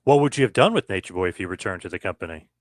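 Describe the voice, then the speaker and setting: A man hosting a casual podcast interview, asking questions in a relaxed conversational way. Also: low-pitched, very fast, dry recording. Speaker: podcast host.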